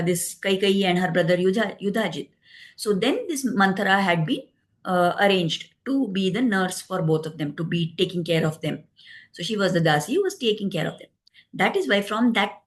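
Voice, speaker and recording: A woman retells an epic in a devotional talk. She explains each step patiently, dropping in "you know" as she goes. Her voice sits at a middling pitch. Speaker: religious storyteller.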